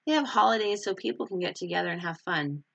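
A woman's voice: fairly low pitch, lively intonation, quick pace, vocal fry, fairly bright tone, no room sound, full character voice. A woman voicing a gloomy, lonely young boy in a storybook read-aloud.

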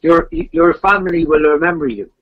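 A man quoting a calm, enchanting mythical island queen while telling a legend. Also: fairly high pitch, normal speed, slightly rough, narrow, tinny audio.

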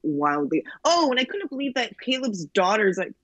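A woman's voice: a little high, big pitch swings, normal speed, fairly bright tone, no echo, low-quality recording. A woman co-hosting a podcast, chatting casually with many fillers and quoted asides. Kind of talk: casual chat.

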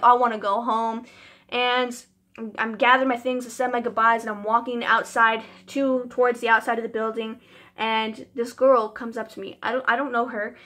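Young woman talking to camera, chatty + emotional, says like a lot, kinda high voice. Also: bright, forceful tone. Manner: chatty, emotional, many "like" fillers. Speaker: vlogger. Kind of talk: casual storytelling vlog.

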